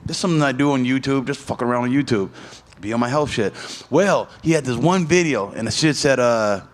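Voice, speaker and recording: Profane, rambling fighter in an interview. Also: male voice, brisk. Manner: jumps high in pitch when telling a story. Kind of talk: casual media day interview.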